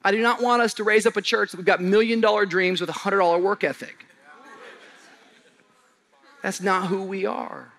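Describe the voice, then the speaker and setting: A young adult male pastor preaching a sermon in a church, swinging from shouted high points to quiet low passages, with humorous conversational asides to the congregation. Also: fairly even intonation, normal speed, gravelly, pauses often. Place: church auditorium.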